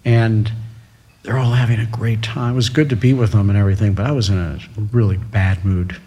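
A middle-aged man, a restaurateur, telling his story as an interview guest, animated and acting out the people he quotes. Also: fairly low pitch, brisk, breathy edge. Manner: animated, quoting others in lively voices. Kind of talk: storytelling in casual conversation.

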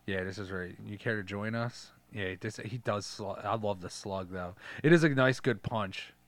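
A man co-hosting a casual podcast, riffing crudely on a film and slipping into quick character voices as he swears his way through the scenes. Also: lowish voice, fairly bright tone, dry recording. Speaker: podcast co-host. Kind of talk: casual crude movie-riff chat.

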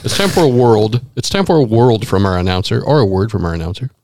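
Fast-talking deep-voiced gravelly man. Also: sing-song, a little mellow, slight background noise. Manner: fast, stumbling over words, laughing. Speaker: podcast co-host. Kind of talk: casual chat about tabletop gaming.

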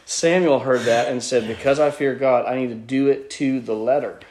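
A man preaching from the pulpit, working through a scripture passage point by point. He speaks at a middle pitch in an earnest, teacherly way, often restarting his phrases as he explains. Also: fairly even intonation, normal speed, a little mellow. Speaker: pastor. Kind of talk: sermon.

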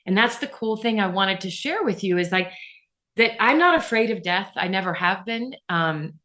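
A middle-aged woman telling a personal story as an interview guest, earnest and animated, often turning to the host. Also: medium pitch, normal speed.

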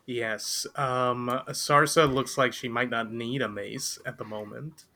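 A man's voice: medium pitch, steady tone, takes it slowly, bright, forceful tone. A man playing a tabletop game, hesitant and full of "um"s as he makes his choices. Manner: hesitant, many "um"s. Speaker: player. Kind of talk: casual tabletop play.

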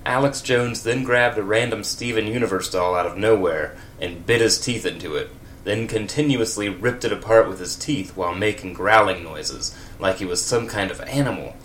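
A man's voice: fairly low pitch, normal speed, a bit bright, a little hiss or hum. A man reading comedic fan fiction aloud, with wry, laughing asides. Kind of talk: comedic read-aloud with commentary.

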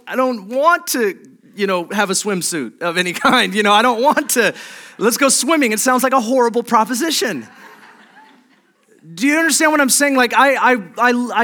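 A man's voice: high voice, bright, forceful tone. A middle-aged man preaching a sermon as pastor, conversational and humorous, with restarts and asides to the congregation.

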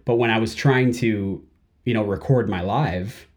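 A man's voice: on the low side, unhurried. A man hosting a podcast in a casual monologue, rambling and full of fillers. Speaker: podcast host.

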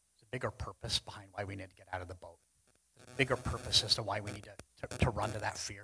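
Husky, earnest male preacher. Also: lowish voice, rough recording. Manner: earnest, swings between loud emphasis and hushed lines. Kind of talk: sermon. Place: church hall with congregation.

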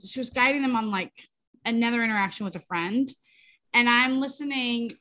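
Woman, 40s, podcast co-host; chatty, rambling delivery, pitched a bit high. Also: fairly quick, sharp tone. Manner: chatty, rambling storyteller with many fillers. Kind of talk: casual chat.

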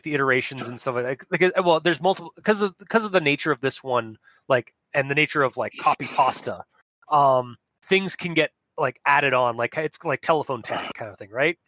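Bright, rambling male podcast host. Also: on the high side, no echo. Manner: rambling, many restarts and laughs. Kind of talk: casual chat.

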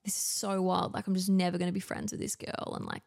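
Woman, Australian accent, gravelly, chatty storyteller, lots of fillers. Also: fairly low pitch, flat delivery, fast, a little mellow. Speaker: podcast guest. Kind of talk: casual chat.

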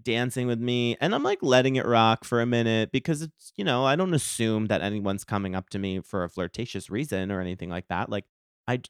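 Young adult man, podcast host, smooth voice, dry close sound, animated profane storytelling. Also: on the low side, dry recording.

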